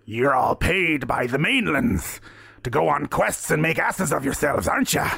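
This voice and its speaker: A man's voice: on the high side, expressive, vocal fry, pushed and bright, slightly rough, no room sound, clean studio sound, pitched above the performer's own voice, full character voice. A man doing a mocking pirate captain. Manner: slow, mocking drawl. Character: scornful male pirate captain, crowd leader.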